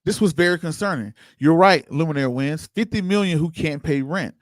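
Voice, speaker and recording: Male livestream host, slightly high voice, casual and chatty, close dry mic. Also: normal speed, dry recording. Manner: loose, conversational, chats with viewers by name. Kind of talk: casual livestream commentary reading chat.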